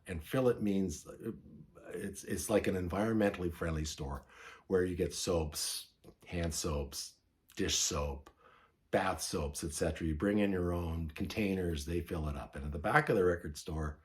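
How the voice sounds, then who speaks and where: Deep-voiced man chatting about record finds. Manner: rambling, self-correcting, enthusiastic about finds. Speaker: vinyl record collector vlogger. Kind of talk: casual show-and-tell vlog.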